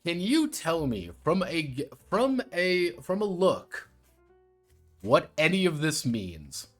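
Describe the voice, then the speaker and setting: His voice is a little high and a bit bright, very animated yet unhurried, with faint music behind. In casual stream commentary, he reviews tabletop roleplaying games with sardonic irreverence and free swearing, guiding viewers through the rules.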